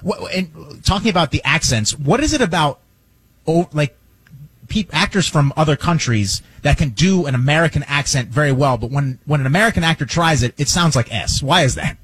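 Lively husky radio co-host man. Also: a little high, fairly quick, no echo, low-quality recording. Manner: hesitant, restarts questions. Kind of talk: casual radio interview.

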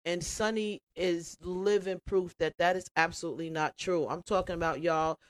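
A woman's voice: lowish voice, moderate pace. A woman guest on a radio talk show, telling stories animatedly and acting out the voices of others. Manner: animated storyteller, acts out dialogue. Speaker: guest, radio and cooking personality. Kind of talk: casual radio interview chat.

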